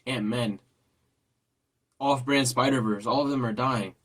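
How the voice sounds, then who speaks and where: A man's voice: mid-range voice, fairly even intonation, a little slow, a bit bright. A man hosting a casual trailer reaction, rambling and repeating himself as he thinks aloud. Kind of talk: casual chat.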